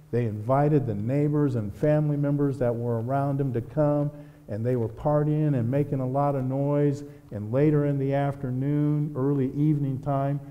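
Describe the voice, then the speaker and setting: A man's voice: medium pitch, mellow. A male pastor retelling a story in a folksy sermon, with casual asides to the congregation. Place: church. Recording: long church reverb.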